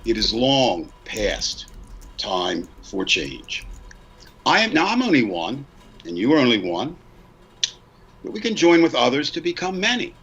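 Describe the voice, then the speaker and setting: A man's voice: mid-range voice, huge pitch swings, a little slow, long pauses, a bit bright, breathy edge, lo-fi sound. A man in his sixties, a podcast co-host, earnestly reading a prepared statement and repeating lines for emphasis. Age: 60s.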